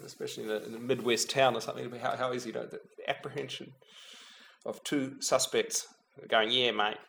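A man preaching a reflective, prayerful homily, speaking directly to Jesus and dropping to a hush whenever he says the name, with touches of gentle humor. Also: medium pitch, level tone, a little fast, gravelly, slight background noise.

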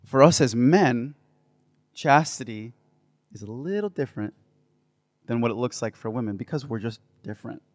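A man giving a faith talk to a live audience, playful and building to loud, enthusiastic bursts. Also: medium pitch, animated, normal speed, long pauses, dry recording. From United States. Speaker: Catholic speaker.

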